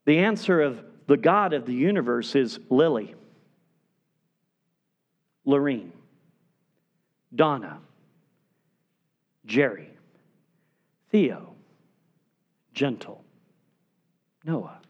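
A man preaching a sermon as a pastor, with emphatic delivery that falls to hushed, quiet stretches for emphasis. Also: mid-range voice, lively intonation, extremely slow, pauses often.

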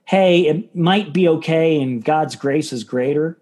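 A man's voice: on the high side, unhurried, darkish tone. A man preaching a sermon as pastor, earnest and repeating key phrases to stress them. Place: church.

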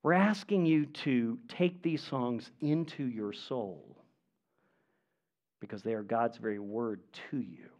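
A pastor preaching a sermon in an earnest, emphatic way, with measured pauses. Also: male voice, medium pitch, a little mellow. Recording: dull lo-fi recording.

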